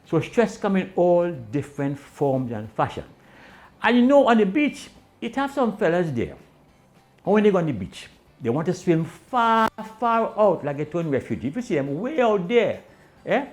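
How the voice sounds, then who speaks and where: A man telling comic stories in island dialect, acting out the people in his tales. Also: moderate pace. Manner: animated, swinging pitch, voices the people in his tales. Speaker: storyteller.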